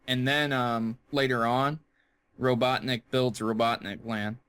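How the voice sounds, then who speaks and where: A young man co-hosting a podcast in casual chat, joking and laughing with quick bursts of excitement. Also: medium pitch, clean tone, no echo. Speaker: podcast co-host.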